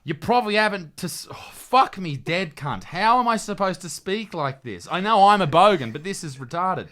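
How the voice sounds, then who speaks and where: An Australian man hosting a comedy show, swearing loudly and laughing as he reads captions aloud. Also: high voice, expressive, normal speed. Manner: crude, loud, laughing banter. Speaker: host. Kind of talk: comedic commentary.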